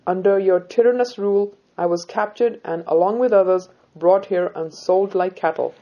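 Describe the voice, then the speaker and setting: A woman reading the part of a brave young Sikh woman who speaks calmly, politely and firmly. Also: mid-range voice, moderate pace, muffled recording, natural voice. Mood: resolute. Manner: calm, polite, firm.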